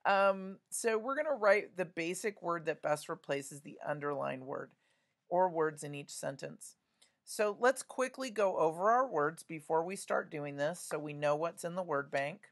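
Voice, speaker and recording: A woman's voice: low voice, expressive, measured pace. A woman teaching a spelling lesson, patiently spelling words out letter by letter and talking through each answer aloud.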